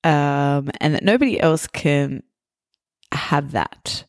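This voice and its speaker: Low-voiced woman hosting a podcast. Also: dry recording, studio quality. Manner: clear, deliberate explaining for learners. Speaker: podcast host. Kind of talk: casual interview, slow teacher voice.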